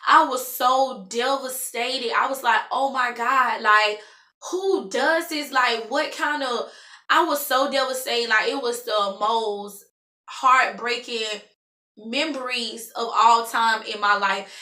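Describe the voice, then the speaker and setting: A woman in her thirties telling a personal story in an emphatic, animated way. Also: a little high, takes it slowly, roomy sound. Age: 30s. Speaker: vlogger.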